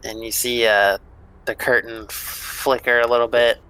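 A man's voice: mid-range voice, flat delivery, measured pace, pushed and bright, smooth, poor audio. A man narrating a tabletop game as game master, in a loose, casual way with many fillers.

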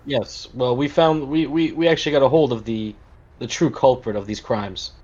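A man playing a tabletop role-playing game, talking easily and haltingly in character. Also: medium pitch, a little mellow, muffled recording. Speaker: player. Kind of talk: casual tabletop role-play.

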